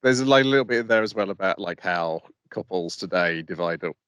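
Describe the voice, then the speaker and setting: A man co-hosting a podcast in casual chat, summarizing episodes with many pauses and fillers over a remote call. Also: low-pitched, expressive, fairly bright tone, clear, resonant tone, no echo. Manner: hesitant, lots of uh and um, summarizing plots. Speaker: podcast co-host. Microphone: remote call mic.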